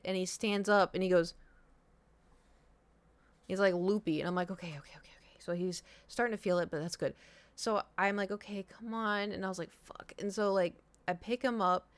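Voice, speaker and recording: A woman's voice: mid-range voice, no room sound. A young woman streamer telling a long personal story in casual chat, rambling with many fillers and restarts.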